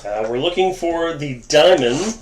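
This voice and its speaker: A man's voice: a little high, lively intonation, a little slow, background noise. A man hosting a sports card break, chatting casually with viewers by name as he opens packs. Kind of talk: casual live commentary while opening card packs. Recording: roomy echoing room.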